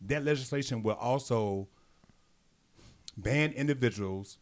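A man's voice: medium pitch, unhurried. Blunt, profane man co-hosting a podcast. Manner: explains news stories, blunt and profane. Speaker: podcast co-host. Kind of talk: casual podcast chat.

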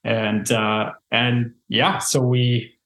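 A man's voice: mid-range voice, level tone, drawn-out words, a bit bright. A man telling a story in a casual interview, rambling with many fillers and restarts. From Canada. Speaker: real estate investor guest. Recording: roomy echo.

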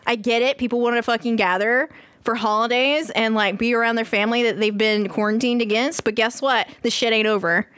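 A woman's voice: a little high, fairly even intonation, fairly quick, a bit bright, no echo, clean studio sound. A woman in casual chat, talking bluntly and with frustration, swearing often.

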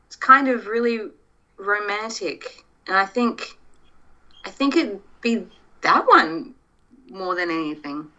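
A woman's voice: medium pitch, animated, takes it slowly, pauses often, pushed and bright, lo-fi sound. A woman with an Australian accent, chatting casually as a podcast guest, self-deprecating and laughing often. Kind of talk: casual interview chat.

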